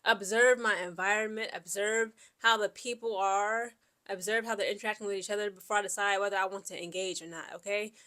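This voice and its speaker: A woman's voice: medium pitch, brisk. A woman from Central Ohio, telling personal stories in a vlog. She rambles, fills her talk with "like" and "okay?", and acts out what other people said to her. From Central Ohio, USA. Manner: chatty and rambling, peppered with "like" and "okay?"; quotes people in lively back-and-forth. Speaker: Air Force veteran vlogger. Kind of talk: casual personal storytelling.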